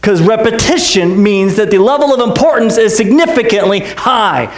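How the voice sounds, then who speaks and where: A man's voice: high-pitched, expressive, moderate pace, echoey room, slight background noise. A man preaching a sermon as pastor, conversational and joking, full of rhetorical questions. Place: church sanctuary.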